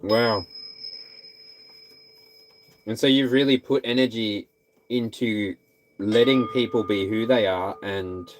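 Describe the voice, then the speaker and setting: A man giving a casual tarot reading, animated and repetitive, now and then singing or whooping. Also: fairly low pitch, slow pace, pauses often, slight background noise. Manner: animated, repeats phrases, breaks into scat singing and whoops. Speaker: tarot reader.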